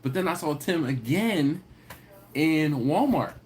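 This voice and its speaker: A man's voice: fairly high pitch, animated, slow pace, darkish tone. A man hosting a live stream. He talks casually with viewers, tells stories, laughs often and acts out the people he quotes. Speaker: host of a live barbecue channel stream.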